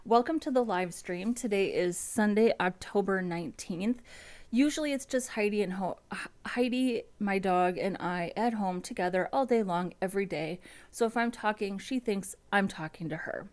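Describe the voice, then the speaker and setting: A woman's voice: mid-range voice, moderate pace, a little mellow. A woman chatting casually at home as host of a front-end coding live stream, rambling and restarting her sentences.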